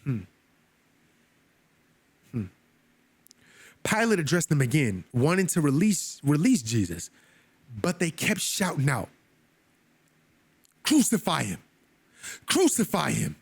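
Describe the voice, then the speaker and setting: A man teaching a Bible study with a husky, somewhat high voice. His pitch swoops widely as he presses each point, and he mixes emphatic preaching with casual asides to his listeners. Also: big pitch swings, slow pace, pauses often, no echo. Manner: emphatic, preacherly, pitch climbing on stressed words.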